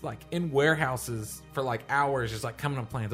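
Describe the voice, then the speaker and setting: A man's voice: mid-range voice, moderate pace, a bit bright, faint music behind. A man hosting a casual gaming podcast, rambling and laughing often. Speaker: podcast host. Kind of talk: casual chat.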